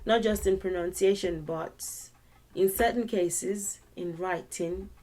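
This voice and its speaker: Slow, patient woman teaching. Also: medium pitch, dark tone. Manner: patient, repeats words slowly and sings tone syllables. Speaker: language teacher. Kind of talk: online language lesson.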